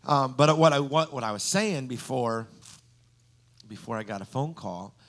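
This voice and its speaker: Gravelly-voiced man preaching a sermon. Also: mid-range voice, expressive, moderate pace, fairly bright tone. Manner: storytelling with frequent ums and restarts. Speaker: guest preacher.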